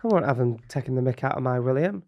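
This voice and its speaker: A man's voice: medium pitch, lively intonation, fast, darkish tone. An English man co-hosting a casual podcast, bantering in a cheeky, teasing way. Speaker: podcast co-host.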